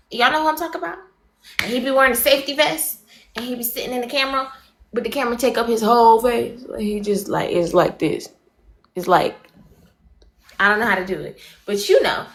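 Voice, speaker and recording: Woman livestream host, slightly high voice, fast animated gossip recap, chats straight to viewers. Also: reverberant, slight background noise. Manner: rapid, animated storytelling, greeting viewers mid-sentence.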